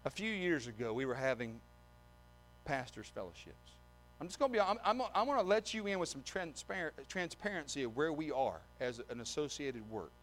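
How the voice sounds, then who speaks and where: A man's voice: on the high side, lively intonation, normal speed, fairly bright tone. A man preaching a sermon, reading scripture aloud and then speaking emphatically, repeating words, with dry humor. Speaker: visiting preacher.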